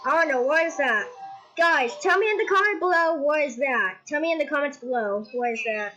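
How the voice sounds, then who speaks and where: Woman gamer, high and bright, giggly, playful chatter, faint game music underneath. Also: lively intonation, fairly quick. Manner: giggly, playful, shrieks when startled. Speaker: gamer recording gameplay with friends. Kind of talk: excited gameplay chat.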